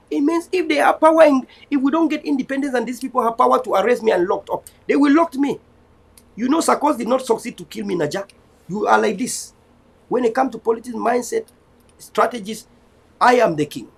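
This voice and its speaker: A man's voice: very high voice, lively intonation, fairly quick, creaky, husky. A man from Cameroon, hosting an online show and giving an impassioned, defiant political address that often turns preachy. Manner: defiant, preaching, repetitive rallying. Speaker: online TV host.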